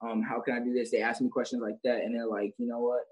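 Husky-voiced young man, easygoing guest who laughs a lot and talks in loose restarts. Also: medium pitch, level tone, fast, darkish tone, poor audio. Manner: laughs often, rambling with restarts and fillers. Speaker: guest, social media creator. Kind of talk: casual interview chat.

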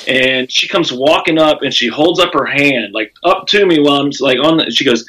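A man with a bright, forceful voice tells a rowdy story from his stand-up gigs, swearing freely. He jumps into other people's lines, pushing his voice up and louder to act them out, and keeps a loose chatty rhythm full of fillers. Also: medium pitch, normal speed, breathy edge, poor audio. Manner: animated, profane, acts out quotes with raised voice. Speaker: comedian telling a story. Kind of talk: casual storytelling on a podcast.

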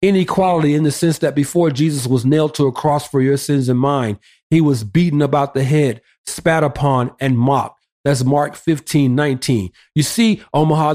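A man's voice: fairly high pitch, moderate pace, a little mellow. A man delivers an emphatic, preacher-style argument in a somewhat raised voice. He cites verse after verse in a driving, repetitive cadence and punctuates it with rhetorical questions. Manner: emphatic, quoting scripture references. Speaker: pastor guest. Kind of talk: preaching on a radio show.

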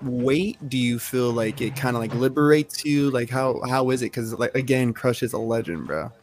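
A man's voice: mid-range voice, normal speed, slight background noise. A man hosting a podcast, chatting casually and hyping up his guest in slangy talk. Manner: hyped, slangy, enthusiastic. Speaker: podcast host. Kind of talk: casual interview chat.

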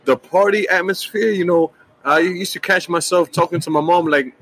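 A man's voice: high voice, moderate pace, a bit bright, slight background noise, poor audio. A man from Washington Heights, a guest musician in a casual interview, upbeat and fond of acting out quotes. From Washington Heights, New York. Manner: upbeat, acts out quoted voices.

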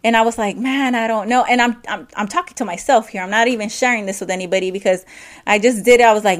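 A woman's voice: on the high side, fast talker. A woman hosting her own podcast, talking candidly in a personal monologue, rambling and restarting her sentences as she goes. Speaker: podcast host.

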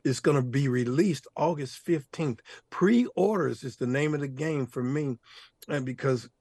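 A man's voice: medium pitch, a little slow, warm tone, slightly rough, dry recording. An older man, a guest author, telling stories with exuberant energy, laughing often and using playful slang. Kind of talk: animated storytelling interview.

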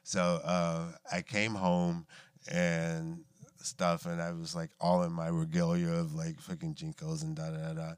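Deep, smooth-voiced man telling stories. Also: level tone, a little slow, dry recording. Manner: laid-back, swears often, laughs through stories. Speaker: guest. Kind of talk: casual storytelling chat.

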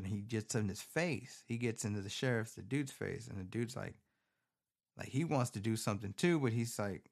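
A man's voice: fairly low pitch, moderate pace, gravelly. A man casually recapping a film on his phone camera, cursing constantly and rambling animatedly. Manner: profane, rambling, animated storytelling. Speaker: movie recapper.

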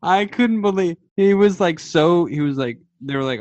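A man's voice: mid-range voice, normal speed, few pauses, no echo, lo-fi sound. A man co-hosting a casual chat, ranting animatedly and quoting others. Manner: animated rants with quoted voices. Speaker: podcast co-host.

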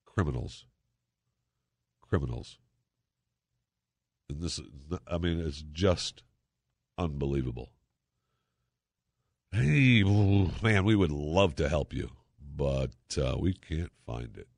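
Man, radio talk host, jokey, lively swings in pitch, dry studio sound. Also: slow, long pauses, no echo. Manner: jokey, animated, lots of fillers. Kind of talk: casual talk radio monologue. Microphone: studio microphone.

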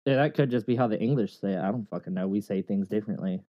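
A man's voice: on the low side, rapid-fire, no echo, dull audio. A man co-hosting a podcast who keeps the banter laid-back, cracking crude jokes and asking casual questions. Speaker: podcast co-host. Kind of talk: casual chat.

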